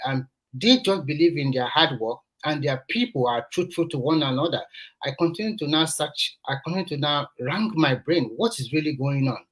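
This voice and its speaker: A man's voice: a little high, low-quality recording. A Nigerian man hosting a casual discussion, talking earnestly and repeating phrases to press his point. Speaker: host.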